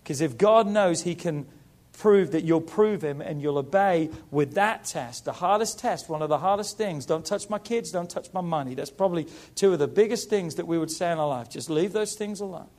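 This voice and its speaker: A man's voice: fairly high pitch, moderate pace, darkish tone. A middle-aged man preaching a sermon as pastor, building emphasis through repeated rising phrases.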